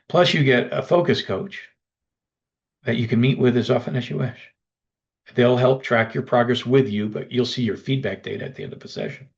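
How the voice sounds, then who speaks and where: A man presenting a webinar pitch, persuasive and speaking straight to the listeners. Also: muffled recording. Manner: persuasive, addresses listeners directly.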